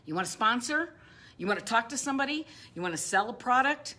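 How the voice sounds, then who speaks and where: Woman motivational business coach, emphatic and repetitive, slightly husky tone. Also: on the high side, lively intonation. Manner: emphatic, repeats phrases, slows to a soft guided visualization.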